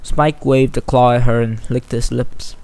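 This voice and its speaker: A man's voice: mid-range voice, steady tone, measured pace, a little mellow, low-quality recording. A man narrating a fan story aloud in a plain reading style with small stumbles.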